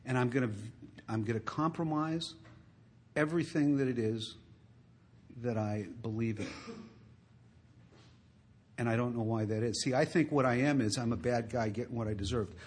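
A man speaking to an audience about his drinking, telling wry stories in a conversational way that swells to loud emphasis. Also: medium pitch, moderate pace, pauses often. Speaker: recovery speaker. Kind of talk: storytelling talk to an audience.

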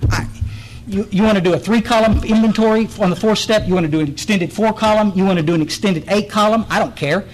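A man's voice: high voice, a little hiss or hum, poor audio. Earnest man telling his story. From Texas Hill Country. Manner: earnest, blunt, emphatic, restarts and repeats words. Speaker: recovery meeting speaker. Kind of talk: personal testimony talk.

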